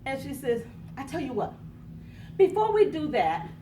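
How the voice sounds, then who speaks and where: A woman's voice: sits high, wildly swooping pitch, normal speed, mellow, a little hiss or hum. A woman motivational speaker telling a dramatic personal story, acting out the quotes with gasps and bursts of laughter. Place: conference room. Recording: echoey room from a distance.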